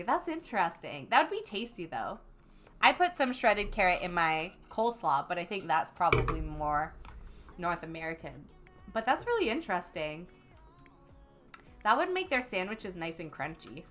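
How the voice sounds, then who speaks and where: Young woman streaming, bright voice, lots of ums, chatty with chat. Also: mid-range voice. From Canada. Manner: chatty, reads viewer comments aloud, many ums. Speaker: livestream host. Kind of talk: casual gaming livestream chat.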